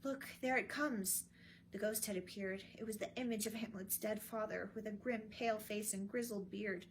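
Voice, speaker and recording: A woman narrating a children's storybook version of a classic play in an expressive, clear way. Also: medium pitch, a little fast, slight background noise.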